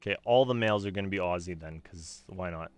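Low-voiced man rambling over gameplay. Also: fast, smooth, no room sound, soft background music. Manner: rambling, talks to himself with many fillers. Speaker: streamer voicing a game. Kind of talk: casual gameplay commentary.

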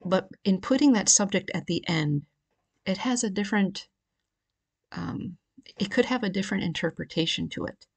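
A Greek grammar teacher with a medium-pitched voice, lively intonation and some vocal fry lectures at a moderate pace. She explains patiently while reading through the cases from a grammar book, recorded with questionable home audio.

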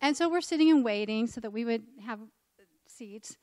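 A woman speaker at a church gathering, telling her personal faith testimony as a lively story and acting out the dialogue. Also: fairly high pitch, moderate pace, no echo. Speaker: conference speaker at a church event.

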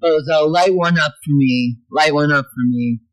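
A woman's voice: sits low, normal speed, poor audio. A woman hosting a livestream, reading out chat comments and trading crude, mocking banter.

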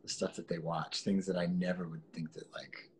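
A man in his forties, an actor being interviewed, talking in a relaxed, rambling way with restarts and laughs. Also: low voice, moderate pace, a little hiss or hum. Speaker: actor guest. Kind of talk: casual interview chat.

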